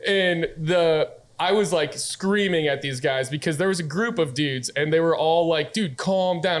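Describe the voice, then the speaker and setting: A man's voice: on the high side, moderate pace, few pauses. A young man, a bartender, telling a story with lots of swearing and laughter on a casual podcast.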